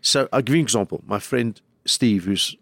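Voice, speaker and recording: A man's voice: fairly low pitch, normal speed, creaky, fairly bright tone, no echo. A comedian, a man, talking in an emotional, rambling way as a podcast guest. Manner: rambling, jumps between thoughts.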